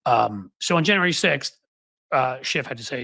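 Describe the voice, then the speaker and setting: A man's voice: mid-range voice, animated, moderate pace, vocal fry, pushed and bright, no room sound. A man hosting casual political commentary, talking in a sarcastic, mocking way.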